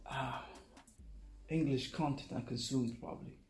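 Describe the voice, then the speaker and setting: A young man, a native Arabic speaker, telling his story in a relaxed, casual conversation and acting out the people he quotes. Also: medium pitch, unhurried, echoey room, faint music behind. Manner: relaxed, uses "like" and "bro", acts out quotes. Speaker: guest.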